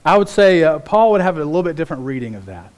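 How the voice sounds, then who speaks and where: A man preaching a sermon as pastor, telling stories in an animated way with big swings in pitch. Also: quick pace.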